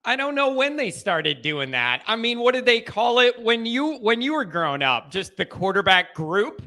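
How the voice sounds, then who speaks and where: A show host talks football with callers on a casual call-in program, animated, emphatic and folksy. His voice is very high, and he speaks at a normal speed.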